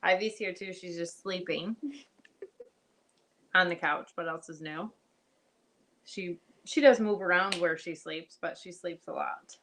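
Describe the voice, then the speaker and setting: A woman's voice: on the low side, slow pace, long pauses, a bit bright, a little hiss or hum. A woman hosting a casual livestream chat, laughing often and greeting viewers by name. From United States. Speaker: livestream host.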